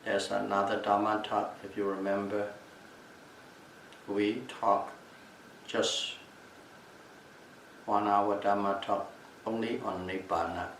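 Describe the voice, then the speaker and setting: A male meditation teacher giving a calm Buddhist Dhamma talk at a retreat, repeating and restating key terms as he explains them. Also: on the low side, takes it slowly, pauses often. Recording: echoey room, mic at a distance, faint background noise.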